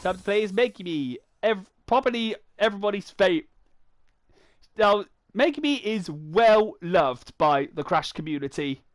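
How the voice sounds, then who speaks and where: With a high voice, lively intonation and normal speed, a young gaming streamer from the United Kingdom gives live commentary on a racing game. The recording is dry, his chat to viewers is rambling and stop-start, and the game's music is loud underneath.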